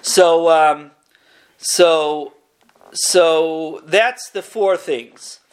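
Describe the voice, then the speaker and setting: A man's voice: a little high, fairly even intonation, drawn-out words, clear, resonant tone. A man teaching a weekly text class in a conversational way, correcting himself as he goes and mixing Hebrew terms into his English. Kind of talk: textual study lecture.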